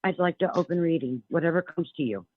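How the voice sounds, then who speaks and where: Calling in as a psychic medium guest on a phone-in radio interview, this woman talks fast in a low, breathy-edged voice. Her manner is blunt and emphatic, with frequent restarts. She's heard over a telephone on a tinny line with no room sound.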